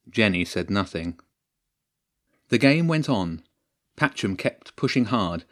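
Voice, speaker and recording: A man reading a story aloud as narrator, at a measured, steady pace. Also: fairly low pitch. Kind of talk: audiobook narration.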